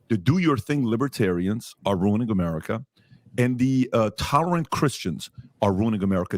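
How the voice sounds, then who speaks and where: A man's voice: lowish voice, a little mellow, no room sound, studio quality. A man on a podcast telling a story and making emphatic, repeated points, acting out the people he quotes. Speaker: podcast host. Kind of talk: storytelling rant. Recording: played clip from a podcast.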